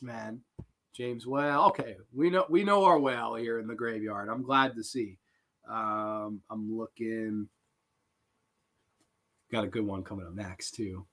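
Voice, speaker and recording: A man hosting a live horror trivia stream, reading questions and reacting to chat answers with excitable, swearing banter. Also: fairly low pitch, a little slow. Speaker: host.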